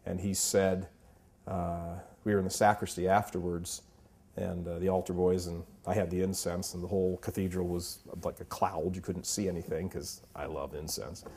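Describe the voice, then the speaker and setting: This Catholic speaker, a man in his fifties, has a low, darkish voice with a level tone and normal pace. His preaching is emphatic and impassioned, built around storytelling and anecdotes.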